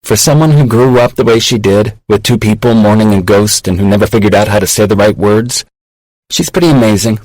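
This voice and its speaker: A candid, wry woman professor in her thirties pours out confessional, self-mocking messages, voiced by a man. The voice sits low and dry, with no room around it. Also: fairly quick, a little mellow, no echo, lightly acted, poor audio. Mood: wry, confiding.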